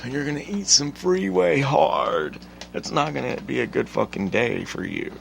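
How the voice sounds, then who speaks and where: A man hosting his own podcast, talking in an animated, profane solo rant that swings from mutters to loud outbursts. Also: mid-range voice, moderate pace, vocal fry, slight background noise. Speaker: podcast host.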